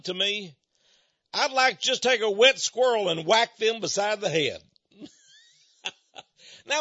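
An older man talks in a husky, fairly high voice with a bright edge, rambling through folksy commentary that turns preachy when he quotes scripture. The recording is dry and a bit muffled. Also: no room sound. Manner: folksy, rambling, with chuckles and asides. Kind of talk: monologue commentary.

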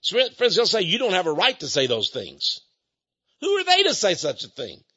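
A man hosting a radio ministry talk show, pitching a book and then commenting emphatically. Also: moderate pace, breathy edge, highs cut off. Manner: emphatic, animated delivery.

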